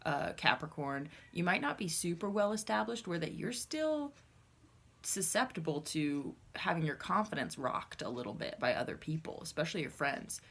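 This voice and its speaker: A woman's voice: low voice, big pitch swings, moderate pace, vocal fry, a bit bright, breathy edge. A woman giving a casual tarot reading to camera, blunt and chatty, swearing freely with lots of asides to her viewers. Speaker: tarot reader.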